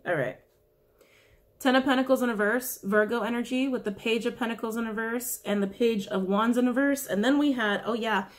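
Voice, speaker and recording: Her voice sits on the high side as she runs through a casual weekly tarot reading. Chatty and blunt, the tarot reader swears freely and keeps putting the same questions to the cards.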